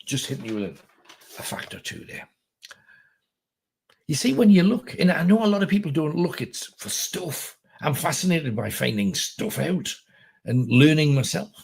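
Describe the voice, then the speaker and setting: A man's voice: a little high, very animated, moderate pace, vocal fry, husky. A middle-aged man from North East England, hosting a casual, rambling livestream chat, reading viewer comments and telling jokes in a self-deprecating way. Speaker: host.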